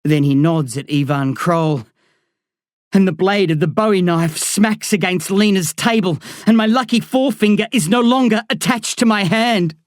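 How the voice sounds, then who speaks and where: A woman reading a first-person story as an audiobook narrator, in a slow, tense, dramatic way. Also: mid-range voice, no echo, studio quality.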